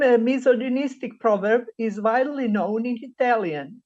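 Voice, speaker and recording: A woman speaking at a mid pitch gives an online academic presentation. She moves through her examples haltingly, pausing on fillers as she reads each quote. Her voice comes over a slightly muffled video-call line. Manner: halting, many filler pauses while reading quotes. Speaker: conference speaker.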